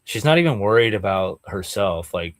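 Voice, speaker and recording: A man's voice: on the low side, animated, moderate pace, no echo. A man co-hosting a casual podcast, explaining details with enthusiasm and peppering his talk with "like" and "dude.". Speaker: podcast co-host. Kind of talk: casual comic-book discussion.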